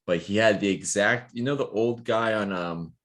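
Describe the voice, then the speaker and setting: A man with a fairly low voice tells stories in a casual, rambling way, full of fillers and laughs. He co-hosts a physical therapy podcast. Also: moderate pace, fairly bright tone.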